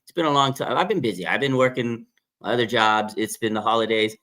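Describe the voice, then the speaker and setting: A man's voice: mid-range voice, brisk. Guy doing a live fan reaction stream, hyped and ranty, laughs a lot. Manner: excitable, laughs and rants, voice jumps up when hyped. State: has a bloody nose. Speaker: sports fan livestream host. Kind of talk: casual live reaction chat.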